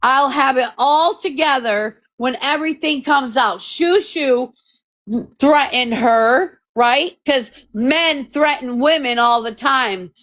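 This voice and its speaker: A woman's voice: sits high, takes it slowly, a bit bright. A woman ranting heatedly to her viewers into a phone, swearing often and repeating her points. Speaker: TikTok creator. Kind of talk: confrontational rant to viewers.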